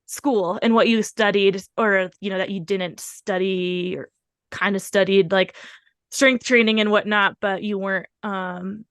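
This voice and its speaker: Woman host rambling on a podcast, smooth clear voice, lots of likes and ums. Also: mid-range voice, dry recording, clean studio sound. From Pacific Northwest of the US. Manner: chatty, rambling with many fillers. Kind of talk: casual podcast chat.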